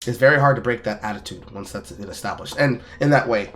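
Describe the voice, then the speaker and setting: A man's voice: mid-range voice, brisk, a bit bright. Emphatic man ranting on a podcast. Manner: emphatic, lecturing, profane. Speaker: podcast host. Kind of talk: casual podcast commentary. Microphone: streaming mic.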